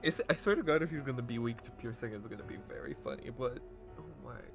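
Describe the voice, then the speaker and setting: A male streamer talks through a game in a loose, rambling way, full of fillers and swearing. He sounds choked up and close to tears. Game music plays loudly under his voice. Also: mid-range voice, fast talker. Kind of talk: live gameplay commentary.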